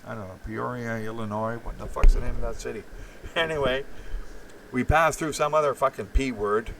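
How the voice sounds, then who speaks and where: A man's voice: mid-range voice, fairly even intonation, moderate pace, gravelly, recorded from a distance, noisy background. A man hosting a live stream, rambling profanely with many fillers and restarts while reacting to chat.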